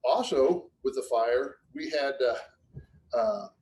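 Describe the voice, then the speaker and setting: A man's voice: mid-range voice, slow, darkish tone, low-quality recording. Casual, chatty male webinar presenter. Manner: conversational, anecdotal, restarts phrases often. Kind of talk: casual business webinar talk.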